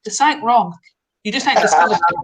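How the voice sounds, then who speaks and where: A woman's voice: medium pitch, expressive, fast talker, low-quality recording. A woman chatting and teasing her friends in a casual group conversation.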